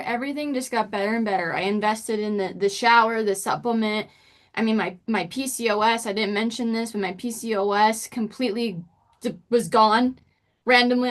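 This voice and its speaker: Expressive woman telling her story. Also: normal speed. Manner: expressive, pitch jumps when acting out quotes. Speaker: podcast guest. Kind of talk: casual storytelling interview.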